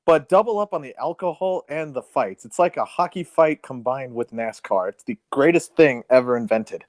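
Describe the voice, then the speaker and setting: A man co-hosting a podcast, telling stories with excitable, swinging emphasis in casual banter. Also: mid-range voice, normal speed, dry recording. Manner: excitable storyteller with sudden swings in loudness. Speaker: podcast co-host.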